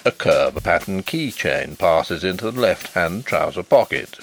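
A man's voice: sits low, expressive, measured pace, a bit bright, breathy edge, faint music behind, voice pushed down, heavily acted. A man voicing a deferential, precise manservant who speaks in a respectful, formal and exact way.

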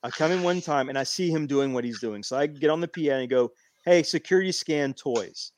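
A man in casual chat, animated and repeating phrases as he tells a long story. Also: medium pitch, fast, slight background noise. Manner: animated, repeats himself while telling a story.

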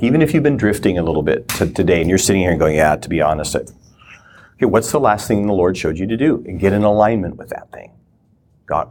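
Low-voiced man teaching with lively asides. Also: slight background noise. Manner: conversational, acts out inner prayers. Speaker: guest teacher. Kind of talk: teaching talk.

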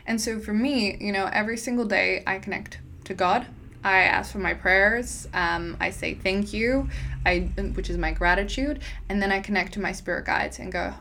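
A woman's voice: medium pitch, normal speed, a bit bright. A woman talking as a spiritual teacher in a casual monologue, earnest and encouraging, her sentences running long and loose.

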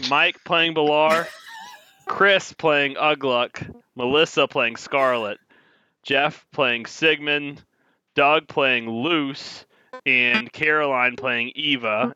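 A man's voice: medium pitch, bright, forceful tone, clear, resonant tone, dry recording, lo-fi sound. A man acting as game master, casually recapping the last session of a tabletop game with loose, rambling talk. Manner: casual, rambling with fillers and restarts, chuckles.

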